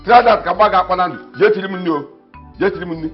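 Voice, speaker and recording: A man's voice: sits high, normal speed, lightly acted. An actor with a Nigerian accent playing a scornful, stubborn middle-aged father who mocks and gives orders. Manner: mocking, dismissive, orders people about. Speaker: father of the household. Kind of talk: Nollywood film drama. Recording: dull film audio with music behind.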